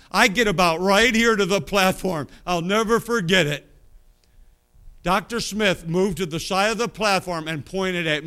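A man preaching a sermon, telling a personal story and swinging from quiet asides to loud, emphatic bursts. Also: high voice, clean tone.

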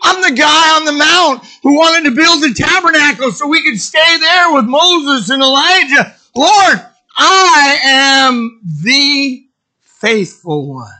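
A man preacher doing a proud, impulsive fisherman disciple who begs to be believed, his voice strained and cracking toward tears. It is pitched very high and bright, and it is loud and forceful, with the words drawn out. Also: fairly even intonation, normal speed, vocal fry, full character voice, low-quality recording. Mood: pleading. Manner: pleading, strained, near tears.

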